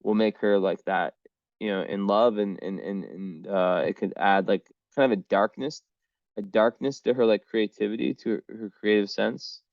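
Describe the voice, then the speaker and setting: A man's voice: on the low side, normal speed, gravelly, a little mellow, no echo, lo-fi sound. A man reading astrology charts in a casual, rambling way, full of fillers and the odd swear word.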